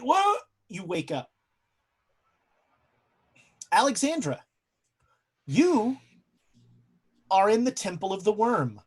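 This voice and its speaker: A young man with a high voice acts as game master in a horror tabletop game, recounting eerie dreams. Dramatic pauses and hesitant fillers come up often.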